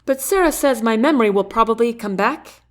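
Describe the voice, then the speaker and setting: A man's voice: very high-pitched, animated, a little fast. A woman voicing a dry, teasing young male soldier who is recovering from wounds, in an audiobook. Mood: reassuring.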